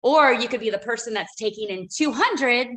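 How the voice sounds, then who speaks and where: A woman's voice: fairly high pitch, moderate pace, fairly bright tone, poor audio. A woman, a business owner, telling a personal story as a guest on a radio interview, emotional and rambling with many fillers and restarts.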